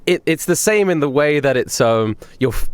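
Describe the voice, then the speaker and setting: A man's voice: fairly high pitch, animated, moderate pace, clean tone, no room sound. A man hosting a casual podcast chat, telling long rambling anecdotes. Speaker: podcast host.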